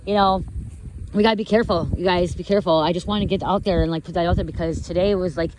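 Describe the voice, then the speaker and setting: A woman's voice: fairly low pitch, fairly even intonation, quick pace, a little mellow, a little hiss or hum, poor audio. A young woman telling a story to her viewers, in a rambling way with lots of "okay" and "you guys", filmed on a phone while she walks along a street. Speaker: vlogger. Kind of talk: casual vlog story. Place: outdoors walking on a neighborhood street.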